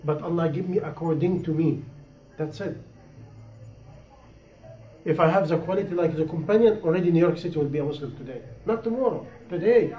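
Man preaching, high voice, impassioned, repeats for emphasis, dull lo-fi recording. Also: a little fast, long pauses. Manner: impassioned, repetitive, rising and falling emphasis. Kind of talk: sermon. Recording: echoey room, dull lo-fi sound.

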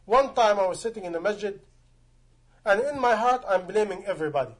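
High-voiced male preacher, emphatic. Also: lively intonation, fairly quick. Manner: emphatic, rhetorical questions, non-native grammar. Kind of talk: sermon.

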